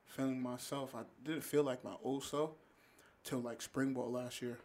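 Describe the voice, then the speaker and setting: A young man from Ghana, a college athlete, chatting casually as a podcast guest in a laid-back, slangy, halting way. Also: mid-range voice, steady tone, darkish tone. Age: young adult.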